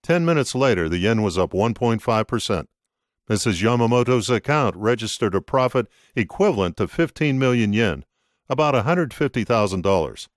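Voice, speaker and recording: A man narrating an audiobook in an expressive, scripted reading. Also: fairly low pitch, normal speed, no room sound, studio quality.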